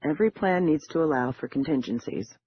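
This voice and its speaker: A man's voice: fairly high pitch, expressive, a little fast, lightly acted. A man voicing a confident woman who talks in a level, assured way. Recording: dull lo-fi with faint hiss.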